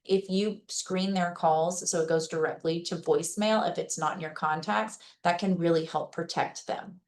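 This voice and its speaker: Woman presenter with a slightly low voice. Conversational and reassuring, like giving practical tips to a community webinar. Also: steady tone, moderate pace, a little hiss or hum. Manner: conversational, checks in with listeners by asking "okay?" and "right?"; gives practical advice in a plain, reassuring way. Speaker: presenter at a senior-services webinar. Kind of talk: informal educational presentation.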